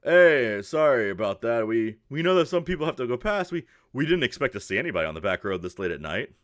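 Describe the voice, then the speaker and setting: A man plays a friendly male caravan organizer, quick and accommodating, who rushes his apologies. The voice sits close to the narrator's own, only a touch brighter and louder. It is a tabletop fantasy figure with a dry, close sound. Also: medium pitch, very animated, no echo, lightly acted.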